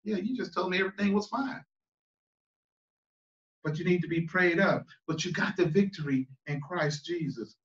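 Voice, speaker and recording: A man's voice: sits high, moderate pace, pauses often, fairly bright tone. A man, a pastor, preaching in a plain-spoken, conversational way to a choir Bible study in a church, stressing and repeating his key phrases. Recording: echoey room, voice far from the mic, dull sound.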